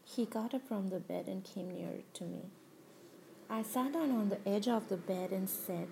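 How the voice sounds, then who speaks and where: Mellow, gravelly woman narrator. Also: mid-range voice, moderate pace, a little hiss or hum, low-quality recording. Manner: confessional, intimate narration. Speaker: story narrator. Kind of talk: first-person story reading.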